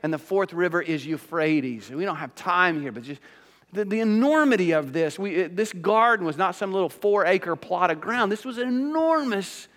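A man's voice: high-pitched, animated, moderate pace, fairly bright tone, long reverb tail. A man preaching a sermon as pastor, conversational and emphatic, with rising bursts of emphasis.

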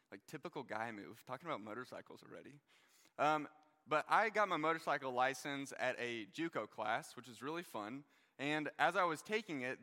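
A man's voice: mid-range voice, pushed and bright. Joking young man preaching in a hall. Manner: chatty, joking, lots of "like" and "you guys". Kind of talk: casual sermon with stories. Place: large hall with a live audience. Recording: long hall reverb.

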